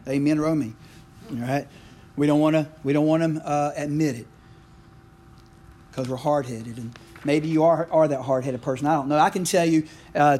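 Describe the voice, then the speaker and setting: A man's voice: a little high, darkish tone, slight background noise. A middle-aged man, preaching a conversational sermon full of asides and questions to the congregation. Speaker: pastor.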